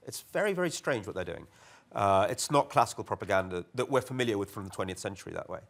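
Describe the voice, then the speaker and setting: Male panelist, ex-TV producer, animated conversational delivery with frequent repeats. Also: fairly low pitch. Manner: animated, repetitive, quick asides. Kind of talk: panel discussion talk.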